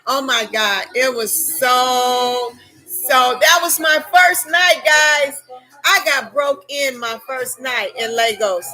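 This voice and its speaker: Lively high-voiced American woman storyteller. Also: low-quality recording. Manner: dramatic, laughs often, acts out her own shouts. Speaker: vlogger telling a travel story. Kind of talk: animated storytelling to viewers.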